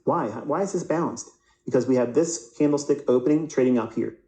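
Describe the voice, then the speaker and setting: A man's voice: medium pitch, a little fast, mellow, roomy sound, rough recording. A man teaching a live trading lecture over price charts, who asks rhetorical questions and answers them himself and often repeats or restarts words. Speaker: trading instructor.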